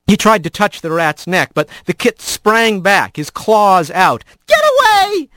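A man narrating an audiobook in expressive storytelling style. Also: high voice, a little slow, no room sound, studio quality. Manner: expressive storytelling, voices the characters.

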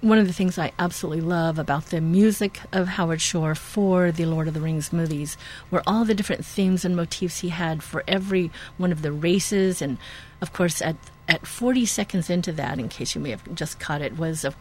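A woman's voice: on the low side, brisk, few pauses, darkish tone, slight background noise. A woman hosting a radio show, chatting enthusiastically with some fillers. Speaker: radio host. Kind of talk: casual radio talk.

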